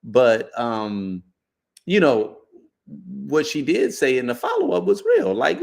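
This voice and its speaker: A man riffs in a loose, conversational podcast monologue, with a voice sitting at an ordinary middle pitch for a man. His talk is animated and blunt, full of slang, swearing and constant "you know" and "right?" check-ins. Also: slow, vocal fry. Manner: casual and profane, slangy. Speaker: podcast host. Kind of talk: casual podcast commentary.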